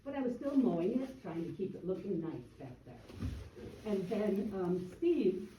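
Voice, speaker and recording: A woman giving a plain, halting account with frequent ums, speaking as a resident at a community meeting. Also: mid-range voice, sing-song, mellow. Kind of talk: public comment at a meeting. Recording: echoey room, distant mic, faint noise.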